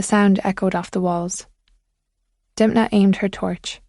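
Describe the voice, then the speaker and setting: A woman narrating a thriller audiobook in a measured, suspenseful way. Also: mid-range voice, fairly even intonation, darkish tone, no echo, studio quality.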